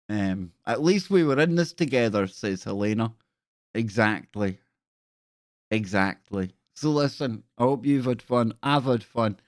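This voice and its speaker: A man's voice: medium pitch, animated, measured pace, no room sound, studio quality. A man hosting a live stream, chatting casually with viewers in a scornful, rambling way.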